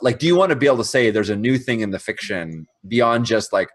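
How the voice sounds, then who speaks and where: A man's voice: medium pitch, lively intonation, quick pace. A man playing a tabletop game, chatting and explaining rules at length. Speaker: player. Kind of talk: casual tabletop play.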